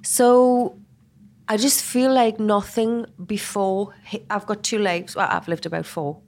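Geordie woman in her thirties, podcast guest, soft and reflective, mid-pitched. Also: steady tone, unhurried. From England. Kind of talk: casual chat.

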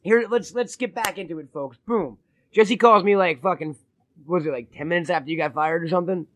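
A man's voice: sits high, a little fast, no room sound. A man co-hosting a podcast in casual, profane chat, rambling through stories and acting out what others said. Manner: rambling, profane storytelling with acted-out quotes. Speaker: podcast co-host.

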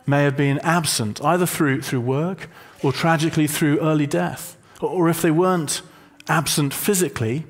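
A man preaching a sermon to a congregation, conversational and gently humorous as he explains a word. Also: fairly high pitch, moderate pace. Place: church hall with a congregation.

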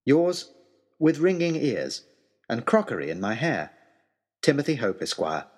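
A man's voice: mid-range voice, big pitch swings, unhurried. A man reading a comic letter aloud as narrator, with dry, wry storytelling.

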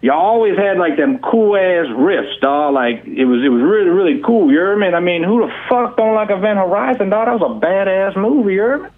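A man's voice: high-pitched, animated, fairly quick, few pauses. A man voicing a boastful, rambling streetwise rapper who ends almost every line with "you hear me" and "dawg", in an improvised radio comedy bit. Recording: muffled radio broadcast.

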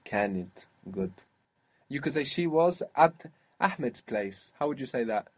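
A man teaching a one-on-one spoken language lesson, patiently explaining and modelling words slowly. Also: medium pitch, lively intonation, breathy edge.

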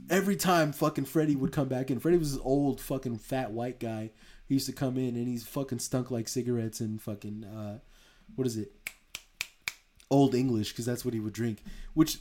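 A young man co-hosts a casual chat, rambling through a story while swearing a lot and laughing often. His voice sits in the mid-range with a somewhat dark tone.

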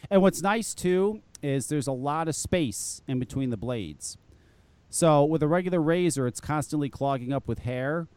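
Lively, laughing man hosting a live show. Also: a little high, normal speed, clear, resonant tone, no echo. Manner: laughs often, swears casually. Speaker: podcast host. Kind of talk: casual live-show chat.

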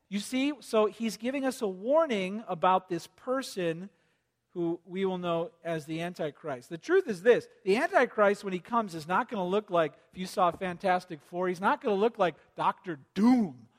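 High-voiced animated preacher, long hall echo. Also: male voice, normal speed. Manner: animated, acts out quoted voices, asks the audience to take notes. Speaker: pastor. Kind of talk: sermon.

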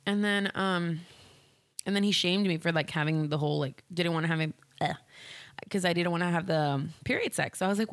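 A woman talks straight into a close, dry mic, hosting her own podcast. Her voice sits a bit low, and she rambles candidly, padding her sentences with "like" and restarting often. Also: a bit bright, dry recording. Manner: candid, rambling, heavy use of "like". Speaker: podcast host. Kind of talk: casual solo podcast storytelling.

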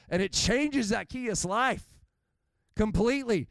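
High-voiced male preacher, dry sound. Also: animated, unhurried, clear, resonant tone, no echo. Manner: preaching with rising intensity, acts out quotes. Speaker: pastor. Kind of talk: sermon. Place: church.

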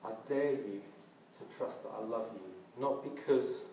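A man's voice: mid-range voice, unhurried, mellow, slight background noise. A man preaching a sermon earnestly, often restarting and using fillers. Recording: roomy, from a distance.

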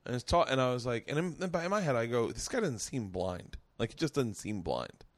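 Host: boisterous man, swings his pitch all over, laughs a lot, dry close mic. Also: a little fast, no room sound. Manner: loud, laughing, animated storyteller who swears a lot. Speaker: podcast host. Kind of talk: casual comedy podcast chat.

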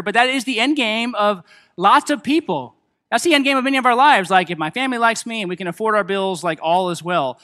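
A pastor preaching a sermon to his church, a man with a high, bright voice. He talks in a loose, casual way, full of fillers and restarts, and pokes fun at himself as he goes. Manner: casual, self-deprecating preaching with many fillers.

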